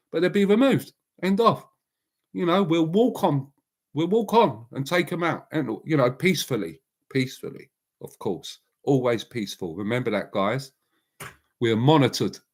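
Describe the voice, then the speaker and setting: A man hosting a casual live chat, talking bluntly in a rambling way and answering viewers by name. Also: fairly high pitch. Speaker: livestream host.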